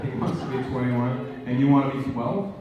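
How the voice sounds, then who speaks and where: A man's voice: medium pitch, fairly quick, distant mic, muffled recording, background noise. A man in his late thirties doing live stand-up, teasing the crowd playfully on a handheld mic in a big auditorium. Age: late 30s. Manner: playful, teasing crowd work with acted quotes. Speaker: stand-up comedian and guest actor. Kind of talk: live stand-up with audience banter. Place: large college auditorium stage. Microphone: handheld mic, heard from far off. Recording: echoey hall audience recording from afar.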